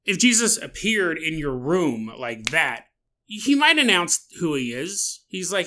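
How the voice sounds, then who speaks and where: Sick, animated man musing on a podcast. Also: on the high side, unhurried. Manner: animated, joking, musing aloud, laughing asides. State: sick with a sore, dry throat. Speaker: podcast host. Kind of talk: solo podcast monologue.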